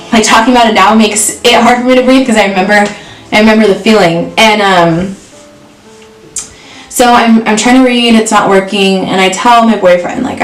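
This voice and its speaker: A woman vlogger telling a personal story in a candid, earnest way. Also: medium pitch. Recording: roomy echo from far off, faint music.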